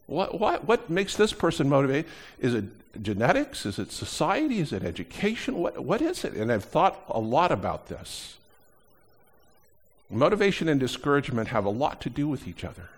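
A middle-aged man preaching a sermon as pastor, animated, swinging between loud emphasis and quieter asides. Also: fairly high pitch, normal speed, slightly rough.

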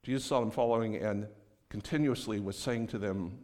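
A man's voice: lowish voice, fairly quick, darkish tone. A man preaching a sermon in a conversational way, acting out the people in the story and often restarting his sentences. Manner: conversational, acts out quoted voices, many restarts. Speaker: pastor.

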